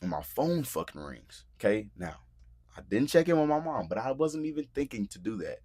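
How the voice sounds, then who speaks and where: A man's voice: medium pitch, sing-song, fairly quick, warm tone, slightly rough. A young man hosting a podcast, telling a story in loose, slangy casual talk and acting out the quotes. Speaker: podcast host.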